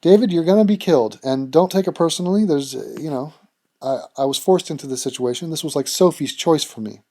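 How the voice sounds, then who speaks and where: A man answers viewer questions in a casual vlog, his talk blunt, crude and full of jokes. His voice sits a little high, with a mellow, soft-edged tone. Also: brisk. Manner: blunt, profane and joking. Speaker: YouTube channel host answering viewer questions.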